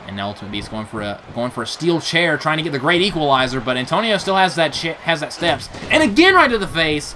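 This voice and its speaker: A young man giving excited play-by-play commentary on a wrestling match, reacting with gasps and laughs. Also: a little high, fast talker, few pauses, slight background noise. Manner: animated, gasping "oh no" reactions, laughs often. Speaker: play-by-play commentator for a video game wrestling show.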